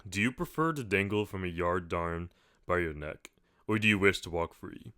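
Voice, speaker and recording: A kindly old sailor pleads softly and earnestly, read by a man. The voice sits very low and close, in a dry, deadened booth. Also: lively intonation, moderate pace, smooth, dry recording. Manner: soft-spoken, earnest pleading.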